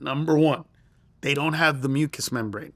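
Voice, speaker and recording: A man's voice: fairly high pitch, normal speed, a bit bright, dry recording. A middle-aged man, a comedian, telling a story in conversation and acting out the lines he quotes. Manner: acts out quoted lines in raised voice, laughs through story. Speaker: comedian guest.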